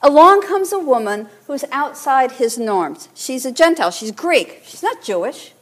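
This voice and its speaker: A woman priest giving a sermon in a relaxed, conversational teaching manner, drawing the congregation in to repeat words. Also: sits high, normal speed.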